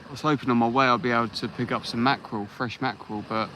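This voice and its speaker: An easygoing English man runs a live fishing stream from the shore, greeting each viewer by name. His voice is bright and forceful, and he speaks into a phone outdoors at night. A faint background hum sits under him. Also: medium pitch, steady tone, fast talker, low-quality recording. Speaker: fishing livestream host. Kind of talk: casual live chat while fishing.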